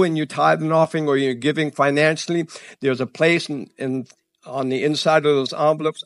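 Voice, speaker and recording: A man pastor giving church announcements before his sermon, animated and excited, tripping over his words and laughing at himself. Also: on the high side, a little fast. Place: church sanctuary.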